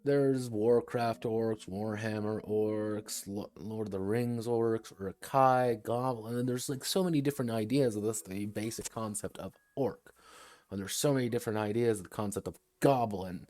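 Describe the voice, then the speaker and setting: A man's voice: lowish voice, moderate pace, a little mellow. A man streaming a casual talk about tabletop game design, rambling and digressive as he thinks aloud. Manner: rambling and digressive, slips into quoted voices.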